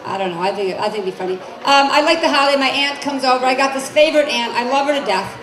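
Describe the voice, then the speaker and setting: Brassy high-voiced woman doing stand-up. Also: quick pace, fairly bright tone. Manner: brassy, chatty, quizzes the crowd. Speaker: stand-up comic. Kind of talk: stand-up comedy set. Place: comedy club stage. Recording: echoey club with crowd noise. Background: crowd laughter and room noise.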